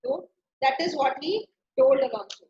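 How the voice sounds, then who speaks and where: A woman's voice: high voice, expressive, moderate pace, creaky, a little mellow, a little hiss or hum. A woman, teaching a play by paraphrasing each line in simple words. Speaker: literature teacher. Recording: dull lo-fi recording.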